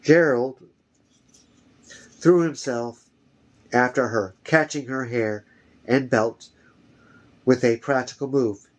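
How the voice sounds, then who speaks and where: A man's voice: medium pitch, fairly even intonation. A man reading a fantasy novel aloud, carefully, often restarting a phrase. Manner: slow, careful, with frequent restarts. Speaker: reader.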